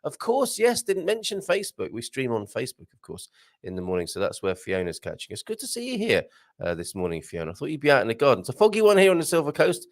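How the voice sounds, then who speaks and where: Man, easygoing live-stream host, animated delivery, reads chat aloud. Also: mid-range voice. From Britain. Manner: chatty, rambling, chuckles often, reads comments aloud, tries Portuguese phrases slowly. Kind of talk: casual live-stream chat reading viewer comments. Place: home studio with green screen.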